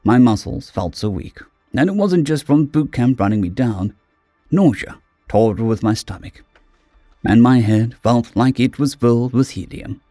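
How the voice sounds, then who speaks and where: Male audiobook narrator, animated delivery, warm dark tone, dry close mic. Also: medium pitch, a little slow, no echo, soft background music. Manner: expressive, dramatic storytelling. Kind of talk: first-person audiobook narration.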